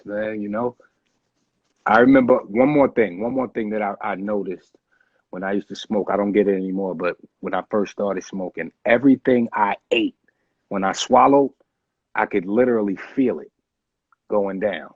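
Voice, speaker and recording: A man in an interview, telling a story in a relaxed way and swearing freely. His voice is husky and mid-pitched. The recording sounds dull and dry. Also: moderate pace, dry recording. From United States. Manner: laid-back, profane storytelling. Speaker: rapper, interview guest. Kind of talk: casual storytelling.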